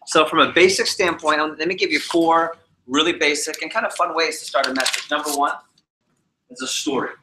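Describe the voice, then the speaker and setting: An energetic man coaching a room on public speaking. His voice is bright and forceful, and it echoes off the walls of an indoor training room with faint ambience in the background. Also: on the high side, fairly quick, slight background noise. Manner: energetic, quizzes the audience. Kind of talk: training seminar talk.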